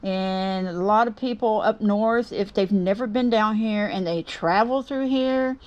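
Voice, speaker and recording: A woman's voice: medium pitch, a little slow, a little mellow, muffled recording. A middle-aged woman with a Southern US accent, talking casually and rambling to her viewers from her woodturning workshop. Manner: rambling, chatty, folksy. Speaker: woodturning vlogger. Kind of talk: casual chat to camera. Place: home workshop.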